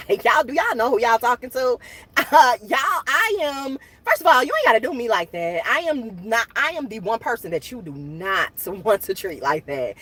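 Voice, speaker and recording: A woman's voice: on the high side, very animated, normal speed, fairly bright tone, no room sound. A woman hosting her own channel, chatting casually and animatedly to viewers, laughing often. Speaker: channel host.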